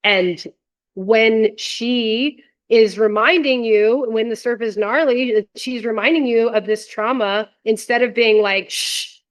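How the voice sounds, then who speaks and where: A woman surf therapist and coach explaining her approach in an interview, earnest and gentle, with frequent "like" fillers. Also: fairly high pitch, slow.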